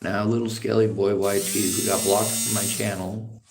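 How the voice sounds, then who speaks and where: Male livestreamer, gravelly and low, lecturing his chat in a profane, bitter rant. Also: flat delivery, moderate pace, background noise. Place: library.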